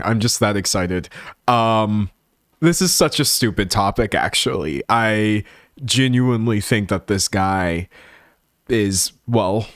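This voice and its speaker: A young man from the American South, hosting a live stream and commenting in an animated, sarcastic way, often breaking into laughs. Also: mid-range voice, dry recording, clean studio sound. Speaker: livestream commentator.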